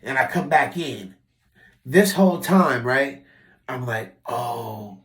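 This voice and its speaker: A man telling a story from his old job in a casual, animated and profane way, acting out what people said. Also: medium pitch, slow, roomy sound. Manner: animated, profane, acts out quotes with shifting voice. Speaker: vlogger telling a work story.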